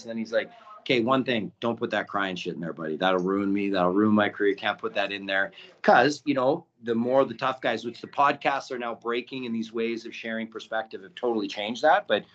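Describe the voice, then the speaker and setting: A man talking as a podcast guest and documentary producer, telling stories in a casual, animated way and acting out quotes, with many "right?" tags. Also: mid-range voice, fairly quick. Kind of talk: casual storytelling. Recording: dull lo-fi audio.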